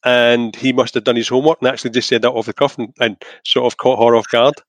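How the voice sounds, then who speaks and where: A Scottish man with a mid-pitched, everyday voice co-hosts a relaxed podcast chat. He jokes and laughs easily, and the sound is close and dry with no room echo. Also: quick pace. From Scotland. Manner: laughing, joking. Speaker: podcast co-host. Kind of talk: casual chat.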